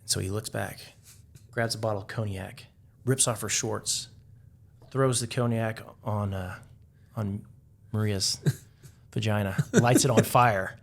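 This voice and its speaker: A man with a fairly low voice tells stories as a podcast guest. He rambles easily, leans on "like" and "um," and chuckles at his own stories. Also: fairly even intonation, unhurried, creaky, pauses often. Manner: rambling, heavy with "like" fillers, chuckles while telling stories. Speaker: podcast guest, Navy veteran. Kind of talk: casual storytelling interview.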